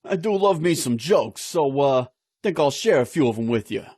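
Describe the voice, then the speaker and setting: A man's voice: medium pitch, lively intonation, normal speed, darkish tone, breathy edge, no echo, studio quality. A man in his forties telling jokes in a chatty, anecdotal way. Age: 40s. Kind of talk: casual joke telling.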